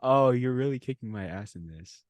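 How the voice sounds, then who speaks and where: A host swaps puns and corny jokes with a guest and bursts into loud laughter. The voice swings a lot in pitch and sits dry and close to the mic. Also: lively intonation, moderate pace, dry recording. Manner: laughs loudly, playful. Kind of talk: casual joke-trading chat.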